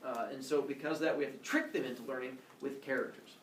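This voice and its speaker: A male teacher giving a jokey, animated lecture to his class. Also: mid-range voice, fast, a little hiss or hum. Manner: jokey, animated, lots of uh fillers and voices. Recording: echoey classroom, camera far off.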